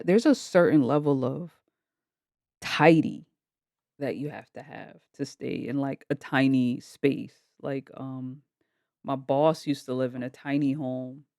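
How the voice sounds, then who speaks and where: A woman's voice: a bass voice, gravelly, mellow, no echo, studio quality. A woman vlogger telling a story casually and bluntly, swearing freely while retelling arguments. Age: adult with kids. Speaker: vlogger reacting to a video.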